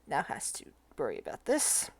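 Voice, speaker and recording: A woman narrating as dungeon master of a tabletop game, halting and restarting often as she describes the action. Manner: halting, with frequent restarts and laughs.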